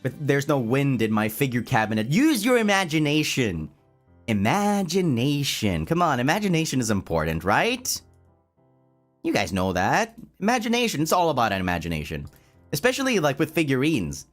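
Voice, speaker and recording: With soft music faintly behind him, a male streamer keeps up casual, animated banter, reading his chat aloud and replying. He's playful and quick to laugh, his pitch swinging with lively energy, and he stumbles over words when excitement takes hold.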